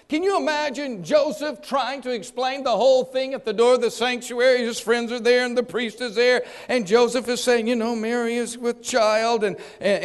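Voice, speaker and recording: A man preaching a sermon, acting out the people in the story and swinging between loud and soft. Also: extremely high pitch. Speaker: pastor.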